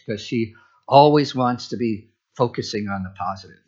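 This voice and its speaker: A man's voice: medium pitch, fairly quick, husky, lo-fi sound. A man preaching as a pastor, conversational, with asides and restarts. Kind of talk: sermon.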